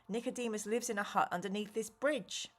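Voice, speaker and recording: A woman's voice: medium pitch, fairly even intonation, fairly quick, lightly acted. A woman voicing a miserable, gaunt old man who grumbles and snaps irritably while reading a gamebook aloud. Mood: irritated. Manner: grumbling, short-tempered.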